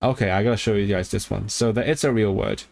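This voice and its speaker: Guy rambling on his language stream, lowish voice, gets excited fast, lots of ums. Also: creaky. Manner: chatty and excitable, quick bursts of enthusiasm; thinks aloud with many fillers and restarts. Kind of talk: casual livestream chat.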